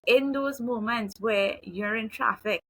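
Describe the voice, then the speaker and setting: Bright, gravelly-voiced woman giving parenting advice. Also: a little high, measured pace, no echo, poor audio. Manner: relaxed, chatty, acts out example phrases. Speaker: behavioral analyst guest. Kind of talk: casual advice conversation.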